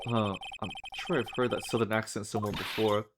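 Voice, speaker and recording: A man's voice: lowish voice, fairly even intonation, brisk, loud music behind the voice, voice pushed down, natural voice. A man reading a dry, wry young lawyer. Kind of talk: reading game dialogue aloud on stream.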